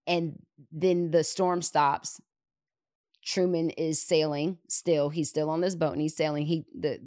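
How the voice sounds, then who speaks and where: A woman hosting a podcast, retelling a movie scene in an animated way and repeating words for emphasis. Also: sits low, dry recording, studio quality. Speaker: podcast host. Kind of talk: retelling a movie in casual chat.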